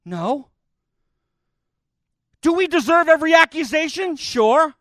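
Preacher, male, high and very lively delivery, dramatic retelling, dry recording. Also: slow, no room sound. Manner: dramatic, voices God and Moses in the retelling. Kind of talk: sermon.

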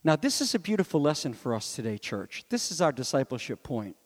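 A man preaching a sermon as pastor, animated and full of rhetorical questions, dropping now and then to soft low asides. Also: fairly quick. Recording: long reverb of a large hall.

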